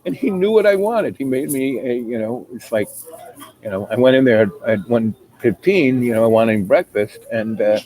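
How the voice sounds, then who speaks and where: A man's voice: medium pitch, lively intonation, normal speed, darkish tone, low-quality recording. A middle-aged man telling a long personal anecdote in a rambling, casual way, full of fillers and asides. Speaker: storyteller.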